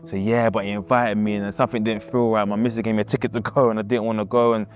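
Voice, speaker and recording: A man's voice: lowish voice, flat delivery, very fast. Man, casual and emotional storytelling, puts on quoted voices, repeats himself, faint music under him.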